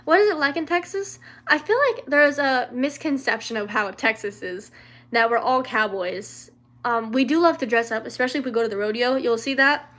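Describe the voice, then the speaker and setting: A young woman hosts a casual livestream, answering viewers' questions in a slightly high voice. Her talk rambles, full of fillers, restarts and little giggles. She grew up in the American South. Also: fairly quick, a bit bright. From Louisiana, raised in the American South.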